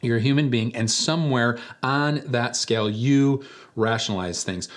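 A man, a church pastor, giving a sermon in a relaxed storytelling way, sometimes acting out the people in his story. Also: medium pitch, moderate pace. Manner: conversational storytelling with animated voices for quoted characters.

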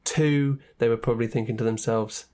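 A man's voice: medium pitch, steady tone, fairly quick, mellow. A man hosting a casual podcast, rambling and teasing his co-host, on a poor-quality home mic. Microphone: poor-quality home microphone.

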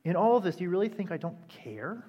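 A man's voice: high-pitched, sing-song, fast, breathy edge, muffled recording. Impassioned preacher man in a reverberant hall. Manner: impassioned, rising to loud emphatic peaks. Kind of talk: sermon.

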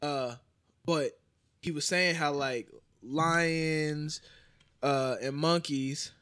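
A man co-hosting a casual podcast chat, talking in an animated, profane, joking way. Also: a little high, very slow, smooth. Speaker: podcast co-host.

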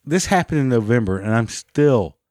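A man angrily retelling a story, swearing heavily and pitching up when worked up. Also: lively intonation, moderate pace, darkish tone, dry recording, studio quality. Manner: heated, heavy swearing, rising pitch when agitated. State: still angry about the event. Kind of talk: angry personal storytelling.

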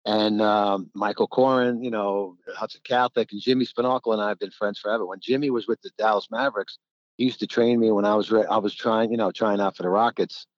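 Older New guy, low voice, chatty storyteller, dull lo-fi recording. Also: fast talker, no room sound. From New Jersey. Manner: rambling, animated, acts out quotes. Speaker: guest, former college basketball player. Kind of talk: casual storytelling.

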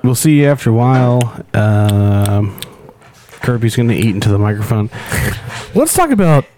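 A man's voice: on the low side, fairly even intonation, a little slow, dark tone, slight background noise. A man co-hosting a casual comedy podcast, teasing and egging on his friends. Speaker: podcast co-host.

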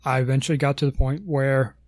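A man chatting on a podcast in a meandering way, stopping for ums and fixing himself mid-sentence. His voice sits at an ordinary middle pitch. The sound is dry and close, with no room echo. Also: steady tone, fast, a little mellow. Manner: rambling, many ums and self-corrections. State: has the hiccups. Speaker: podcast co-host. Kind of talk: casual podcast chat.

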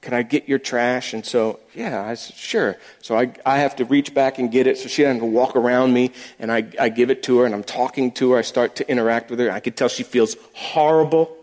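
A man's voice: medium pitch, steady tone, a little fast, few pauses, darkish tone. A man giving a sermon-style talk, telling stories about faith at work, often restarting and repeating words. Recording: long echoey hall reverb.

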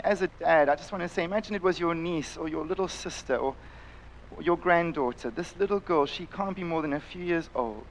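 Prediger, Mann mittleren Alters, südafrikanischer Akzent, recht hohe Stimme, leidenschaftliche Predigt. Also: male voice, high-pitched, a little hiss or hum, low-quality recording. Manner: impassioned, acts out voices in the story, drops to quiet intensity. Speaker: pastor. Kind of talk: sermon. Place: church, live-streamed service.

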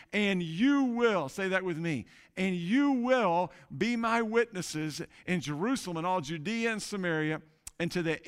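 A man with a high, smooth voice preaches a sermon to his congregation. He drives his points home through repetition and asks the room to say the lines back with him. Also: fairly bright tone. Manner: emphatic repetition, call-and-response with congregation. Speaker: pastor.

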